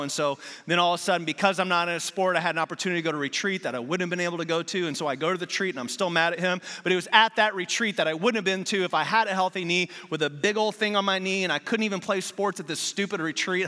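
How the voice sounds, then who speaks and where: Bright passionate preacher man, hall reverb. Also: on the high side. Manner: passionate storytelling, swings from loud to hushed. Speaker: guest preacher. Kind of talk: sermon.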